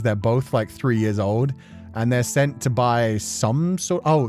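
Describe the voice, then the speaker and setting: Young male streamer, casual storyteller, mid-pitched, chatty and laughing. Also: darkish tone.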